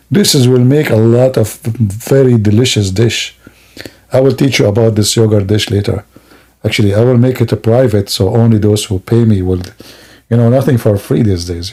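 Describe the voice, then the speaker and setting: Gravelly, husky man mocking on a stream. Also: mid-range voice, moderate pace, warm tone. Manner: sarcastic, rambling, laughs at own jokes. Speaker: livestream host. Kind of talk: mocking comedic commentary.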